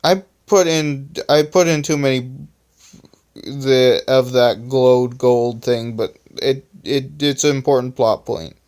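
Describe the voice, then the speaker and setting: A man's voice: mid-range voice, slow pace, darkish tone, clean tone. Rambling young man reading his story. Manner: rambling, self-interrupting asides. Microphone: phone.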